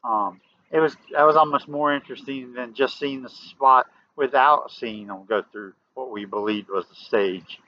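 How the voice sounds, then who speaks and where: A man's voice: mid-range voice, normal speed. A man with a Southern US accent, telling a rambling story to camera in a casual vlog, often restarting and turning emphatic. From American South. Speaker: vlogger. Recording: dull lo-fi audio.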